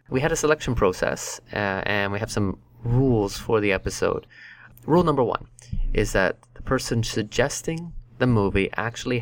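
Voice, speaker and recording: A man hosts a casual podcast in a fairly low voice. He talks in a laid-back, wry way, setting out the episode's ground rules for his co-hosts. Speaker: podcast host.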